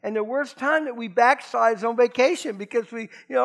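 A middle-aged man preaching a conversational sermon in a folksy, joking way with animated asides. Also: very high-pitched, brisk, vocal fry, hardly any pauses. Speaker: pastor.

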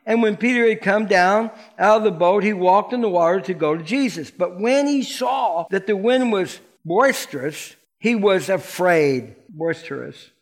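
A man preaching a sermon in a lively, playful way, asking the congregation questions and acting out the voices in the story. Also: high voice, unhurried, few pauses. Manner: animated, playful preaching that asks the congregation questions and acts out quotes. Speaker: pastor.

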